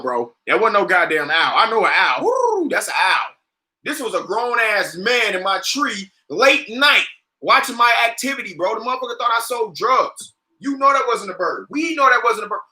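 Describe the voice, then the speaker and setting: A man with a high, very bright voice tells stories in a loud, profane, animated way and sometimes breaks into shouting. It sounds like casual podcast talk between friends. His delivery is rough and comic. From California. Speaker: podcast host. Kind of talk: casual comedic storytelling.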